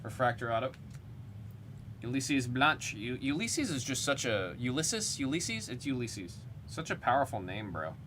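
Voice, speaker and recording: A man's voice: medium pitch, expressive, normal speed, background noise. A man hosting a live card-opening stream, chatting casually and rambling between calling out the names of cards as he pulls them. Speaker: live card break host. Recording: music playing under the voice. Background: background music.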